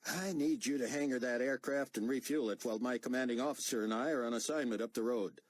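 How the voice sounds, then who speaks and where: A man's voice: mid-range voice, fast, dry recording, voice pushed up, close to an everyday voice. A man voicing a blunt, clipped, exasperated adult male pilot.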